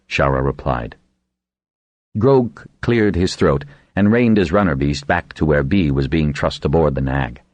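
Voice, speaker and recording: A man narrating an audiobook as scripted narration, with lively intonation. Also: moderate pace, no room sound. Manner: reads with lively, varied intonation and raises his pitch for voiced quotes.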